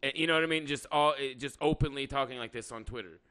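A man's voice: medium pitch, fast talker, bright, forceful tone, clean tone. Blunt, profane man in casual chat. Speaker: podcast host; electrician by trade.

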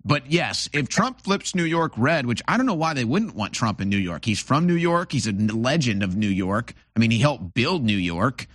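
A man's voice: mid-range voice, very animated, normal speed, few pauses, a bit bright, no echo, studio quality. A man hosting an interview, talking in a rambling, opinionated way with lots of restarts. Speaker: host. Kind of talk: casual interview talk.

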